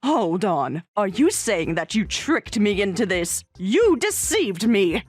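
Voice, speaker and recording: Entitled mother in a story drama, indignant and insistent, slow delivery with swinging pitch, a woman acting it. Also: very animated, husky, exaggerated voice. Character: entitled middle-aged mother, indignant and blaming. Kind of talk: voiced story narration drama.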